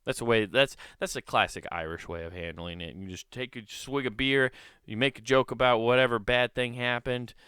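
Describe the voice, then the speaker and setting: A man's voice: medium pitch, moderate pace, pushed and bright, clean tone, no echo, clean studio sound. A man hosting a comedy podcast, telling a rambling, profane, incredulous story in a casual monologue.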